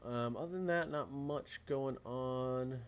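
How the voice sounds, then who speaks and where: Young male livestream host, mid pitch; excitable, rambling weather commentary full of fillers. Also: takes it slowly, clean tone.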